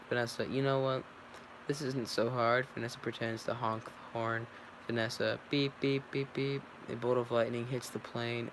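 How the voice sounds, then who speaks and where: A man reads a whole screenplay out loud in an offhand way, directions included. He stumbles, restarts and corrects himself as he goes. There is a faint hiss under his mid-pitched voice. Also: rough recording. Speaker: script reader. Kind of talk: casual read-through of a film script.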